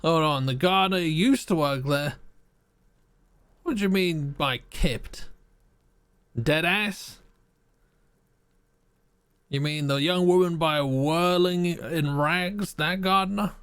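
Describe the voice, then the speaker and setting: A man's voice: on the high side, slow pace, long pauses, fairly bright tone, smooth, dry recording. Playful man streaming a game. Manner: playful, joking, reads choices aloud. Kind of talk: live game playthrough, reading aloud and chatting.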